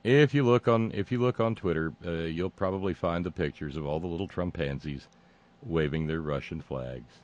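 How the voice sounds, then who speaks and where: A man hosting a sarcastic political commentary monologue, mocking and meandering with frequent pauses and restarts. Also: deep voice, a little mellow, highs cut off.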